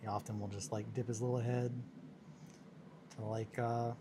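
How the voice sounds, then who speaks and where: A man's voice: lowish voice, flat delivery, normal speed, noisy background. A man chatting casually on a hobby stream in a rambling, self-amused way while he works on miniatures.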